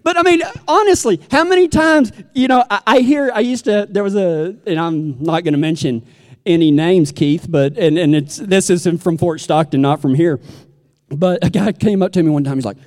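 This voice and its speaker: A man's voice: sits high, normal speed, darkish tone. A Texan man preaching a sermon, folksy and full of stories, acting out what people say. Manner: folksy, storytelling, acts out quotes. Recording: long hall reverb.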